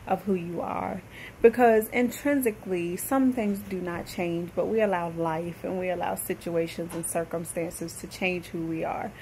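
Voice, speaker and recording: A woman's voice: lowish voice, a little hiss or hum, rough recording. Earnest, tearful woman giving encouragement. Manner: earnest, heartfelt, faith-based encouragement; emotional, holding back tears. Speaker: motivational speaker and host. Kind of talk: motivational vlog address.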